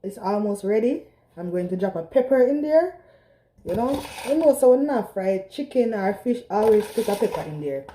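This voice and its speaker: A woman's voice: mid-range voice, lively intonation, moderate pace, background noise. Chatty Trinidadian woman cooking at home. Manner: chatty, talks straight to viewers. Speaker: home cook vlogger. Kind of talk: casual cooking vlog. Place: home kitchen. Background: frying and sizzling in a pan.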